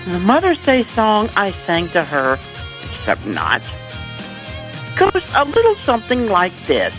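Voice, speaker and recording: Animated, playful man on a podcast. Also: sits high, measured pace, soft background music, low-quality recording. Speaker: podcast co-host. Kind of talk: casual comedic chat.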